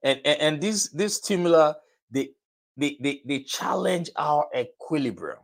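A man hosting a live broadcast and podcast, giving a motivational talk in a deliberate, repetitive way that leans on key phrases. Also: fairly high pitch, lively intonation, creaky.

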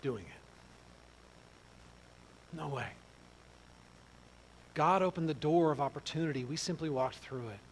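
Brief: middle-aged male pastor, conversational sermon storytelling, slightly higher voice. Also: measured pace, pauses often, slight background noise, low-quality recording. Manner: conversational, animated, swings from quiet asides to loud exclaims.

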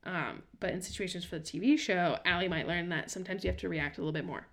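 A woman's voice: lowish voice, steady tone, quick pace, gravelly. A young woman co-hosting a podcast, chatting casually with lots of "like" and acting out quotes. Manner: chatty, filler-heavy, acts out quotes. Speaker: podcast co-host. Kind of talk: casual chat.

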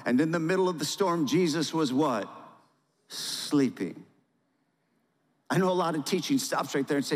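A male pastor giving a sermon, reading a storybook aloud in a dramatic, animated way and asking listeners to respond. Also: fairly high pitch, normal speed, pauses often. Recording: long hall reverb.

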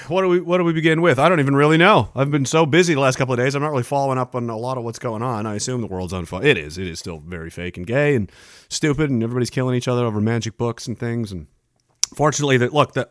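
A man's voice: mid-range voice, expressive, fast, fairly bright tone, dry recording, clean studio sound. A middle-aged man, hosting a casual livestream, rambling and joking as he reads out chat messages. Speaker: livestream host. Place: home studio. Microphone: boom-arm studio mic.

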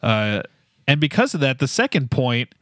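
A man co-hosting a casual Bible discussion podcast, presenting fun facts in a relaxed, explanatory way. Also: mid-range voice, moderate pace, dry recording, studio quality. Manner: relaxed, explanatory, a few filler restarts.

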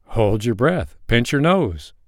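A man's voice: medium pitch, sing-song, takes it slowly, no echo, studio quality. A man voicing a confident, playful young man in an audio story, speaking in a jokey, upbeat and somewhat commanding way.

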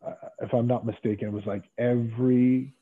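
Husky guy rambling through wrestling stories, lots of um and uh, sounds like over the phone. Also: mid-range voice, a little fast. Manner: rambling, animated, many fillers and restarts. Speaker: former pro wrestler as guest. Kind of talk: casual storytelling. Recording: tinny phone-like line.

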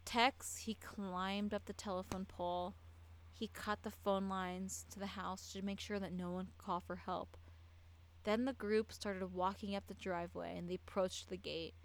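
A woman's voice: mid-range voice, steady tone, moderate pace, low-quality recording. A tipsy woman tells a true-crime story in a loose, casual way. She rambles, trips over her words and restarts her sentences as she goes.

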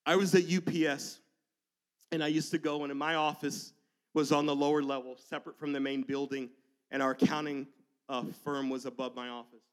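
A male pastor telling a personal story in a church sermon, swinging emotionally between soft asides and loud declarations. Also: fairly high pitch, little pitch movement, fairly quick.

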